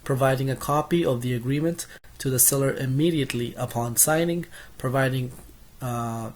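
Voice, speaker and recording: A man's voice: medium pitch, normal speed. A young man reading through course notes as a casual spoken summary, reading lists steadily with small self-corrections and asides.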